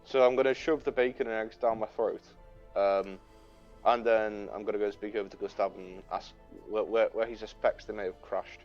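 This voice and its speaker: A man's voice: fairly low pitch, steady tone, moderate pace, lo-fi sound, faint music behind. A man playing in a tabletop role-play, eager and persuasive, often talking in character. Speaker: player.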